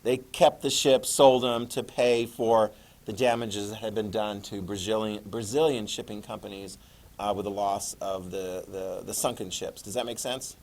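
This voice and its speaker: A man's voice: lowish voice, steady tone, normal speed, darkish tone. A man teaching a history class, lecturing in a chatty way, asking the students questions and making small jokes.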